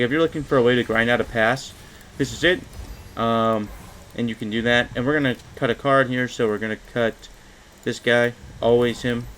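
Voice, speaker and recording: A man's voice: medium pitch, a bit bright, slight background noise, rough recording. A young man giving casual, rambling commentary over his own card-game run, full of fillers and mild frustration. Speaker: gaming YouTuber.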